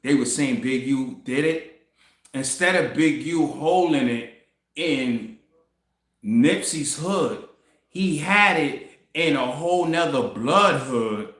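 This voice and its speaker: A man hosting a casual commentary monologue, telling a story in an animated way, laughing and swearing as he goes. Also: mid-range voice, slow pace, roomy sound. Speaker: commentary host.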